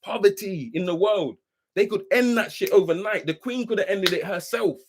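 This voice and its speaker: A man's voice: high voice, moderate pace, a little hiss or hum. A man ranting heatedly and profanely on a live stream, worked up and preachy, who keeps asking if you understand. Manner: says he is worked up. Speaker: livestream host.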